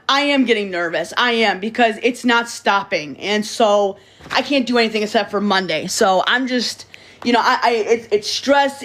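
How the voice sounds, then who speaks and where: A woman's voice: a little high, fairly bright tone. A young woman talking casually to her livestream viewers, rambling and restarting sentences, blunt and swearing freely. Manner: rambling, repeats words and restarts often.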